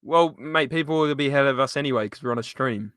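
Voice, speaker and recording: A man's voice: medium pitch, quick pace, fairly bright tone, clear, resonant tone, dry recording, studio quality. A man co-hosting a live match watchalong, chatty and arguing his points while reading out the chat. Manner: chatty, reasoning, reads out the chat. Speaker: watchalong co-host.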